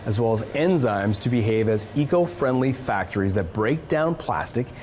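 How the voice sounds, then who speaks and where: A news presenter reads out a report in an even, formal voice. The tone is level and measured, as in a broadcast segment. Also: medium pitch, a little hiss or hum.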